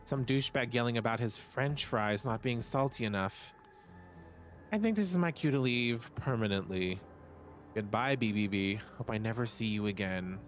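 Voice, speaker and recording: A man streaming live, reading a game's story text aloud in a casual way and breaking off for quick asides to his chat. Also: mid-range voice, soft background music.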